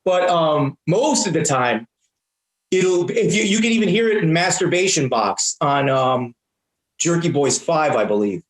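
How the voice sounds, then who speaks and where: A man around sixty, a comedian guest telling animated stories and stumbling over repeated words. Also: fairly high pitch, unhurried. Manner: excitable, repeats and restarts words often. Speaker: guest, prank-call comedian and voice actor. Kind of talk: animated anecdotal storytelling. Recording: roomy echo.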